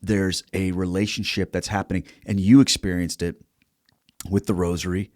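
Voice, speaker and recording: A man's voice: deep voice, flat delivery, normal speed, a little mellow, dry recording, clean studio sound. A man hosting a faith interview, reflective and conversational, building on his guest's story. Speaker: podcast host.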